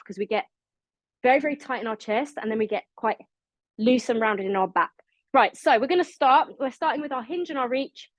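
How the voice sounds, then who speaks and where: British fitness lady counting down reps, high bright voice, dry close sound, bit breathless. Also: no room sound. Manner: upbeat, encouraging, counts down reps. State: slightly out of breath. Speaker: fitness instructor. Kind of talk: live online exercise class coaching.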